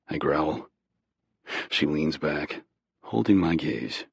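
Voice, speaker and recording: A man narrating a romance audiobook in the first person, with a slow, intimate, low-key delivery. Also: gravelly, husky, no room sound, studio quality.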